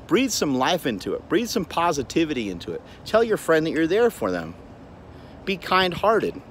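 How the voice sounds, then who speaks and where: A man's voice: fairly high pitch, wildly swooping pitch, moderate pace, fairly bright tone, a little hiss or hum. A man giving a blunt, preachy, profane motivational talk as the host of his own show, recorded on a phone outdoors. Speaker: gym owner and show host. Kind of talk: motivational monologue.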